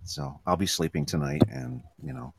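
A man co-hosting a casual chat, telling a story slowly with frequent laughs. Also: a bass voice, creaky, slight background noise. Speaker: podcast co-host.

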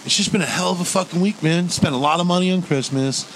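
A man co-hosting a podcast, joking loudly and crudely with a congested, stuffy nose. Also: fast talker, a little hiss or hum, poor audio. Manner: loud, profane and joking, with big swoops up in pitch. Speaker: podcast co-host. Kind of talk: crude casual podcast banter.

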